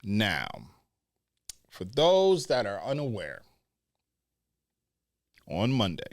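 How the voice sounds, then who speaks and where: A man's voice: lowish voice, wildly swooping pitch, extremely slow, dry recording, studio quality. A man talking as a wrestling podcaster in casual commentary, blunt and emphatic, swearing freely.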